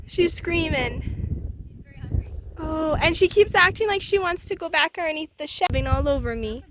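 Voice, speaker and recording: A woman vlogging outdoors by a barn on a phone camera, cooing in a high baby-talk voice now and then. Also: normal speed, a bit bright, slight background noise. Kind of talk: casual vlog.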